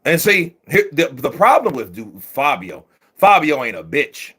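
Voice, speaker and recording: A man giving profane, excitable live commentary while watching a boxing match, often shouting at the referee. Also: a little high, measured pace, husky.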